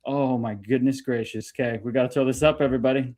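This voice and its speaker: A man hosting a casual livestream chat, relaxed and laughing often, calling everyone "dude". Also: medium pitch, fast. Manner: laid-back, peppered with "dude", laughs often. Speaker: host.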